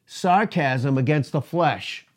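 A man preaching a sermon in an animated way, reading scripture aloud with laughs between points. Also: fairly high pitch, slow. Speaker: pastor.

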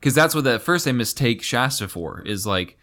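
A man's voice: mid-range voice, expressive, normal speed, bright, forceful tone. A young man co-hosting a podcast, chatting animatedly about a book and acting out the characters' lines. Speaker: podcast co-host. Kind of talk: casual book discussion.

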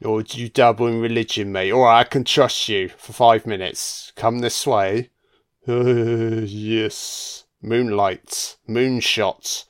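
A man's voice: medium pitch, steady tone, unhurried, clean tone. A man giving casual, sardonic film commentary full of swearing and jokey asides.

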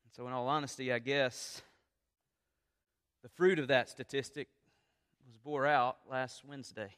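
A man preaching a sermon with passion, going from quiet talk to loud appeals. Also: medium pitch, little pitch movement, a little slow, clean tone, big-room sound. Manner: impassioned, rises from quiet to loud. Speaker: pastor.

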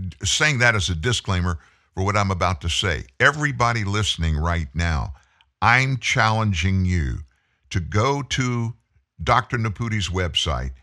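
A male talk show host with a fairly low voice and a forceful, bright delivery. He talks emphatically and challenges his listeners directly.

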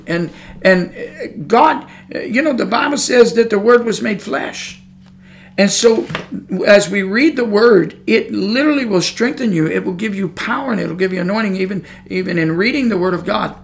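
A man's voice: high voice, moderate pace, gravelly, a little hiss or hum. A man preaching a sermon on his podcast, talking in a fired-up, conversational way and repeating his points.

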